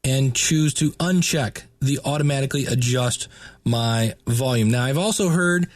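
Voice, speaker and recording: A man's voice: mid-range voice, normal speed, no echo. A man hosting a podcast, explaining setup tips in a chatty, casual way. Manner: chatty, explanatory, with filler words. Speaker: podcast host.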